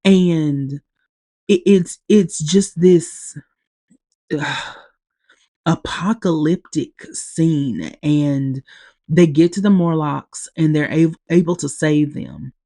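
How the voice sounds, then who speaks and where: Woman, podcast recap, halting and teary, dark mellow tone, dry close sound. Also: deep voice, no room sound. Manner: emotional, halting, long pauses. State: teary-eyed. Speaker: podcast host. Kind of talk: casual recap of a TV episode.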